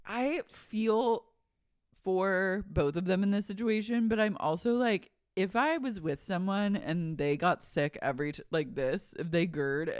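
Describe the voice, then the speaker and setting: A woman's voice: medium pitch, a little slow, dry recording, clean studio sound. A woman co-hosting a podcast, recapping a reality show in casual chat with wry roasting banter and frequent laughs. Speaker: podcast co-host.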